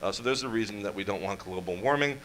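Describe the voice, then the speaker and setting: A man giving a comic history talk to a live audience, full of wry deadpan asides and quick jokes. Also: on the low side, a little hiss or hum, low-quality recording. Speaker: storyteller presenter. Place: event room with live audience.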